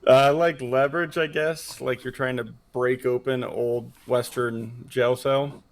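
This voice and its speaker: A man's voice: mid-range voice, steady tone, unhurried. A man playing a tabletop game, talking casually and a little hesitantly. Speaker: player.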